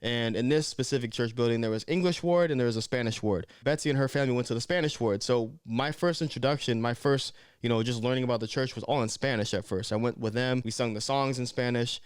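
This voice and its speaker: A man's voice: mid-range voice, fast talker, hardly any pauses, clear, resonant tone, no echo, clean studio sound. A young man in casual, slangy storytelling as a vlogger, talking to camera. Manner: slangy, animated, conversational.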